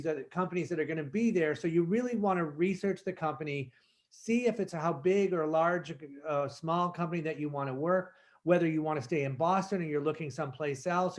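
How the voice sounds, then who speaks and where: A man working as a career specialist, talking in a loose, friendly way in an online workshop. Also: a little high.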